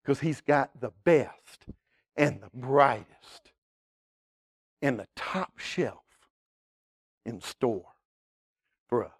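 A man preaching a sermon, emphatic, swinging from loud declarations to hushed appeals and often repeating words as he starts a phrase. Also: mid-range voice, animated, extremely slow, pauses often, husky. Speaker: pastor.

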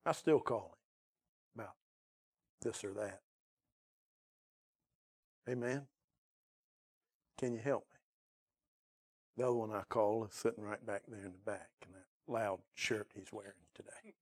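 A man's voice: lowish voice, fairly even intonation, unhurried, pauses often, darkish tone, husky. Guy preaching in church, tells a story with feeling, then fires off questions at the pews. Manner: emotional storytelling, rising to urgent questions. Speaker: pastor. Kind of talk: sermon with personal story. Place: church sanctuary.

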